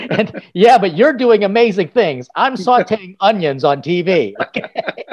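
A man's voice: sits high, expressive, highs cut off. A man, a priest, hosting a casual interview show in an upbeat, joking manner. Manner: upbeat, jokey, quick asides. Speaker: priest and podcast host.

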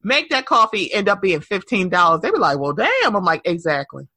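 Animated, sassy woman telling stories. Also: mid-range voice, fairly quick, no room sound. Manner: animated, sassy storytelling with acted-out quotes. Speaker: podcast co-host. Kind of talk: casual chat.

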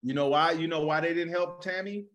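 A man co-hosting a comedy podcast, telling a story in a relaxed, rambling, casual way. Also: on the high side, a little fast. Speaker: comedian co-host.

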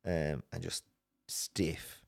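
An Irish man telling a personal story as a podcast guest, earnest and halting, with many restarts. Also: a bass voice, big pitch swings, vocal fry, darkish tone. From Ireland.

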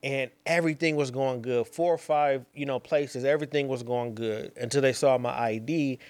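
Young dude w/ black rambling thru a story, slangy, mid pitch, dry close sound. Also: male voice, fairly even intonation, moderate pace, darkish tone, dry recording. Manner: rambling, repeats phrases, slangy asides. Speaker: podcast host. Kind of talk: casual storytelling monologue.

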